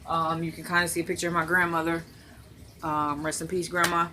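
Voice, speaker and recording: Bright chatty lady recapping a tv episode on her phone, living room, acts out the lines. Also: sits low, flat delivery, fairly quick, slight background noise. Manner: chatty, retells scenes by acting out characters' lines. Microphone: phone camera propped on something.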